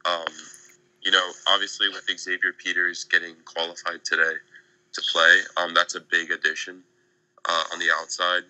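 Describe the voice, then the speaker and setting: Low flat-voiced young man. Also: no echo, rough recording. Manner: measured, filler-heavy analysis. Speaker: guest analyst. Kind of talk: casual podcast chat.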